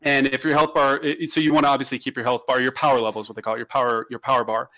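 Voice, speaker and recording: A man's voice: medium pitch, little pitch movement, rapid-fire, sharp tone. Man, podcast co-host, casual chat, rambling, restarts a lot. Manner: rambling, many restarts and fillers.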